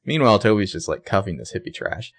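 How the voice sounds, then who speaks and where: A man's voice: on the low side, animated, quick pace, gravelly. A young man co-hosting a casual chat, retelling a TV episode by acting out the characters' lines. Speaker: podcast co-host recapping a TV show.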